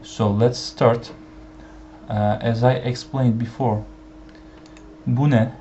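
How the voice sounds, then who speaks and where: A man whose first language is Turkish gives an online language lesson, speaking slowly with many fillers and repeating each example phrase. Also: mid-range voice, little pitch movement, dark tone. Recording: dull lo-fi sound with faint background hiss.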